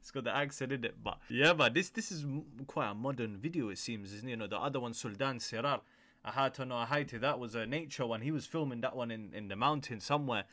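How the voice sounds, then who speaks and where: A man's voice: medium pitch, fast talker, pushed and bright. A young man, hosting a music reaction video in upbeat, slangy casual commentary that addresses viewers directly. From United Kingdom. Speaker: YouTube reaction host.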